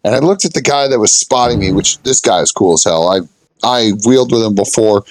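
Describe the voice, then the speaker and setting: Animated swearing man telling a story. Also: medium pitch, brisk, no echo, poor audio. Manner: animated, swearing, acts out his own past lines. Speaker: podcast co-host telling an off-road story. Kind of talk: casual profane storytelling.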